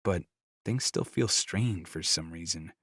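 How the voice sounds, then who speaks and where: Male audiobook narrator, low voice, easygoing first-person romance read, dry booth sound. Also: measured pace, a bit bright, no room sound.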